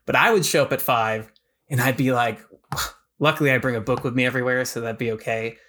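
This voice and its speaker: A man with a bright, forceful voice talks through a novel on a casual podcast. He retells the plot with energy and slips into the characters' lines as he goes. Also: mid-range voice, steady tone, quick pace. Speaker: podcast co-host. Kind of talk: casual literary discussion.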